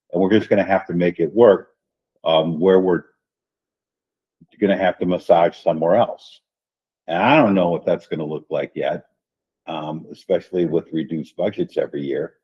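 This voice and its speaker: Deep, husky male administrator, folksy board-meeting delivery, lo-fi room audio. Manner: folksy, repeats phrases, says "right?" often. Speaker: school district administrator. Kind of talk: school board workshop remarks.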